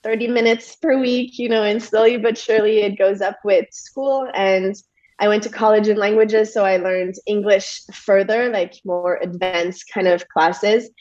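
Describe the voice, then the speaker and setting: A woman's voice: medium pitch, normal speed. Woman on a dull call line. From Montreal, Canada. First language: French. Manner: relaxed, with many fillers like "like" and "you know". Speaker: podcast guest, yoga teacher and stress coach. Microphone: video call.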